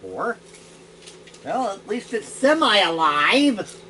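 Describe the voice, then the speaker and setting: A man narrates a tabletop game as game master, his pitch rising and falling in lively swoops as he describes dice rolls and fights. He laughs often, and his voice is medium in pitch. Steady noise sits behind him. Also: extremely slow. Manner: laughing, animated storytelling. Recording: noisy home recording.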